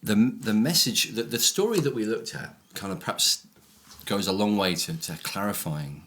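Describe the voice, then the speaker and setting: Deep-voiced man. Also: very animated, sharp tone. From England, Brighton. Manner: reflective, explaining with slow emphasis. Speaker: church leader discussing the Sunday sermon. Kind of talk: casual chat about a sermon.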